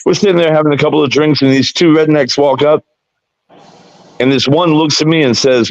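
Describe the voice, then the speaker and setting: A man's voice: on the high side, brisk, no echo, highs cut off. A man from South Carolina telling a bar fight story in casual, profane podcast chat. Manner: profane, animated storyteller acting out quotes. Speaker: podcast co-host.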